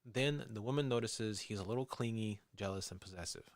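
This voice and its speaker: A man's voice: fairly low pitch, brisk, no room sound. A man co-hosting a podcast, reading a scripted true-crime account and chatting with his co-host. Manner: reads narration steadily, laughs easily in banter.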